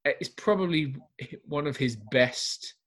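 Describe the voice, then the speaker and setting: A man's voice: fairly high pitch, takes it slowly, fairly bright tone. A man in a casual chat about films, wry and joking, laughing at his own remarks.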